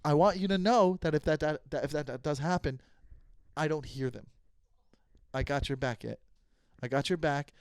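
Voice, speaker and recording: A man hosts his own comedy podcast in a loose, rambling chat. He stumbles and restarts his sentences with a mock-earnest sincerity, and his voice sits a bit high for a man. The sound is close and dry. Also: clear, resonant tone, no room sound.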